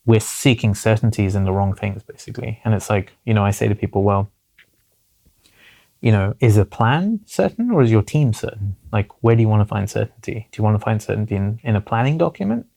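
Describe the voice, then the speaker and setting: A man's voice: fairly low pitch, lively intonation, a little fast, vocal fry, dark tone. A man in his forties, a guest in an interview, talking earnestly and reflectively and often adding "basically" and "you know".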